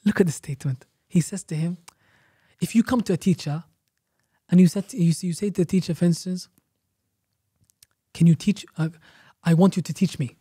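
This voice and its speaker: A man's voice: high-pitched, normal speed, warm tone, slightly rough, dry recording, studio quality. A man, an Islamic teacher guest on a podcast, explaining a religious story emphatically with rhetorical questions and repeated phrases.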